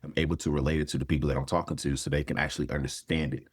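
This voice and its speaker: Guest therapist, male, very low voice, dry close sound, candid and profane in casual chat. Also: flat delivery, rapid-fire, husky, no echo. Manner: frank, swears freely, acts out quotes. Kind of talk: casual conversation.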